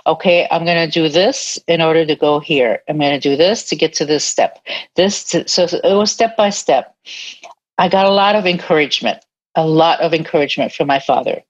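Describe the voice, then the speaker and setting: An older woman, a retired army nurse, telling her life story in an interview in an earnest, reflective way with soft laughs now and then. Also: low voice, moderate pace. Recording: dull lo-fi sound.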